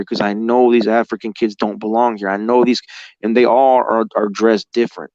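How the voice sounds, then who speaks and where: A man with a lowish, fairly flat voice talks briskly as a guest, telling his own story in a casual, rambling, emotional way. He swears heavily and fills gaps with "like." The recording is dry and muffled, with a darkish tone.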